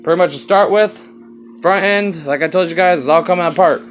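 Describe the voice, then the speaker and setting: A man's voice: high-pitched, brisk, highs cut off, soft background music. Rambling man with a slight Southern twang. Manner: rambling, casual, swears offhandedly. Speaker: vlogger showing his car project. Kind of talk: casual walkaround vlog.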